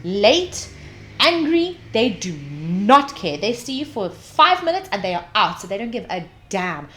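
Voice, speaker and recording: A woman guest in a casual interview, telling animated stories, swearing freely and acting out what others said. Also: medium pitch, unhurried. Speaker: hospitality guest.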